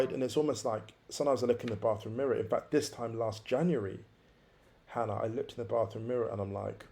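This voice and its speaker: A man's voice: medium pitch, steady tone, fast talker, gravelly, warm tone. A man around forty, a podcast guest, reflectively telling his life story and repeating phrases for emphasis.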